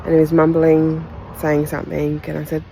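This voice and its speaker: A woman from Australia hosting a podcast, giving a candid, heartfelt retelling of a personal story in halting phrases with pauses. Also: sits low, monotone, gravelly, dark tone, a little hiss or hum, rough recording. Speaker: podcast host.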